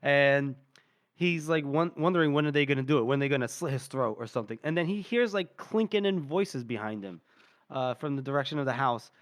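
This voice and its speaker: A man's voice: mid-range voice, expressive. A man co-hosting a book podcast, casually retelling scenes and acting out the characters' lines between laughs. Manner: retells scenes with quick voiced quotes and laughter. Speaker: podcast co-host.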